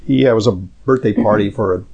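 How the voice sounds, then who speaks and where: A man's voice: fairly low pitch, a little fast, gravelly, darkish tone, breathy edge. A middle-aged man, a doctor hosting a medical Q&A podcast, talking in a rambling, anecdotal way with lots of fillers.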